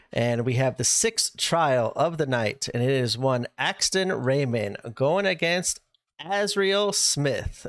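A man's voice: mid-range voice, fairly bright tone, dry recording, poor audio. A man co-hosting a casual podcast, animatedly retelling matches and acting out quoted lines. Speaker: podcast co-host.

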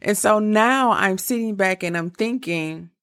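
A woman of about fifty talks through relationship advice in a slow, blunt, candid way and swears freely. Her voice is gravelly with a rough fry. The sound is dry and close. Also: mid-range voice, a bit bright, no echo. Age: around 50. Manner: blunt, profane, candid with laughing asides. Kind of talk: casual advice monologue.

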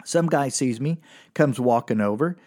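A man doing stand-up comedy, telling a personal story with animated, exaggerated delivery and sudden jumps up for punchlines. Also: medium pitch, moderate pace.

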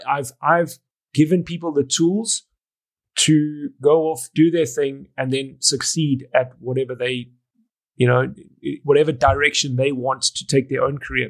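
A middle-aged man, a wedding photographer and educator, telling stories in an interview and acting out the conversations he recalls. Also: mid-range voice. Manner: animated, acts out conversations, frequent restarts. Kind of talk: storytelling in a podcast interview.

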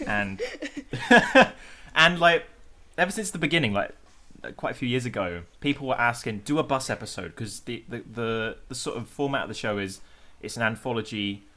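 A man's voice: mid-range voice, normal speed. Ranting man on a podcast. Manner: animated ranting with mild swearing. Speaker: podcast co-host. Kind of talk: casual chat.

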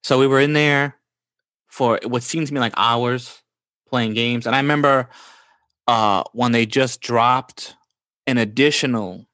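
A man's voice: medium pitch, fairly even intonation, measured pace, sharp tone, no room sound. Laid-back slangy man from the Bronx. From New York, the Bronx. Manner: laid-back, slangy, says "bro" often. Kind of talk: casual storytelling chat.

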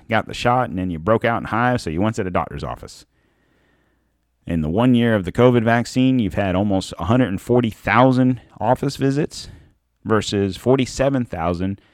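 A man's voice: deep voice, dry recording, studio quality. A man hosting a podcast, talking in a casual, sarcastic and emphatic way, often laughing at his own points. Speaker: podcast host. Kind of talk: casual monologue.

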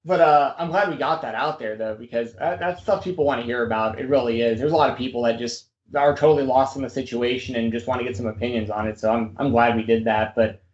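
Interviewing a guest on his podcast, a US host keeps things relaxed and talkative, frequently addressing him as "man" or "dude." He talks fast with a steady tone, medium pitch, and hardly any pauses, over roomy, dull lo-fi audio with slight background noise.

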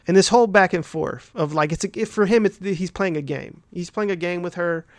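A man's voice: high voice, fairly quick, dry recording, studio quality. A man hosting a podcast, casually recapping a film plot in a rambling, profane way, full of fillers and "right?" tags. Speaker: podcast host.

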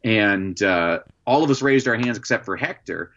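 A man being interviewed as an educator and motivational speaker, telling lively stories with many "uh" fillers. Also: lowish voice, moderate pace, lo-fi sound. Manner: lively anecdotes, frequent "uh" fillers. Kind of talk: storytelling in a podcast interview.

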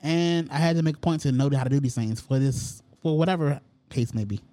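A man's voice: on the high side, brisk, mellow. A young adult man hosting a casual talk show, telling stories in a profane, exasperated way. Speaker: podcast host. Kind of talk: casual chat.

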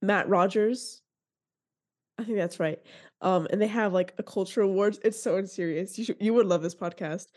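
A playful woman co-hosts a chatty film podcast with a mellow, relaxed tone. She jokes freely and fills her talk with "like" and "literally". The recording has slightly degraded audio quality. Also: medium pitch, moderate pace. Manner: playful, jokey, says "like" and "literally" often. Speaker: podcast co-host. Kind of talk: casual chat.

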